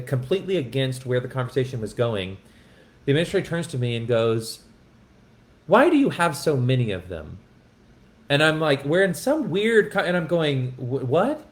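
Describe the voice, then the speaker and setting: An impassioned man who teaches music, telling a personal story in a podcast conversation in an earnest way, often restarting his sentences. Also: medium pitch. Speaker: music educator.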